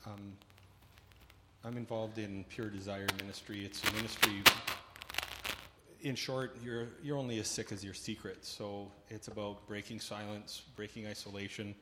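A man, a guest from a ministry, answering interview questions on stage in a soft, hesitant way. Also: on the low side, level tone, normal speed. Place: church sanctuary. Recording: reverberant hall, noisy.

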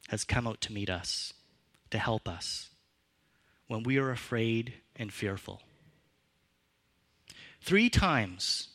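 Male pastor, sermon, slow measured pace, animated pitch, expressive emphatic delivery.

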